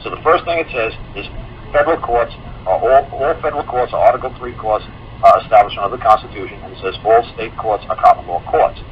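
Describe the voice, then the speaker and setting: A man on a call-in show telling a long story in a rambling, animated way, with many fillers and restarts. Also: lowish voice, quick pace. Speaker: guest. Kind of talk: casual call-in chat. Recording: muffled online call audio with faint hiss.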